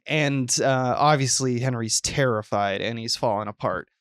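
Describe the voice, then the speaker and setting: A man co-hosting a podcast, talking through a movie in a relaxed way with lots of hesitations and fillers. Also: medium pitch, normal speed, clear, resonant tone, no room sound, studio quality. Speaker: podcast co-host. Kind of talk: casual film discussion.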